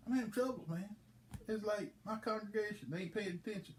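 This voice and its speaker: A man doing a high, whiny frustrated preacher. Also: brisk, echoey room, slight background noise, close to an everyday voice. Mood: pleading. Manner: whiny, pleading complaints. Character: frustrated male preacher, pleading.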